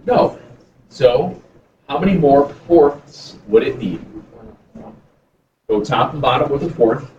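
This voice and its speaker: A man's voice: mid-range voice, lively intonation, slow, pauses often, a little hiss or hum. A math teacher giving a casual review lesson, putting questions to his class and answering them himself. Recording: distant, echoey, dull classroom recording.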